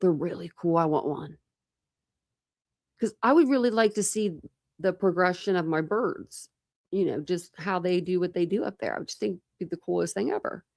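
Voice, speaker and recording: A woman's voice: lowish voice, normal speed, vocal fry, a little mellow, dry recording, studio quality. A woman hosting a true crime channel, chatting casually and rambling to her live chat.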